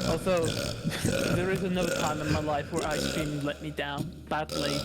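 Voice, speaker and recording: A man's voice: fairly high pitch, measured pace, creaky, loud music behind the voice. A man co-hosting a podcast, telling stories in casual chat with frequent laughs and swearing. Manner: animated, laughing storyteller who swears. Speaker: podcast co-host.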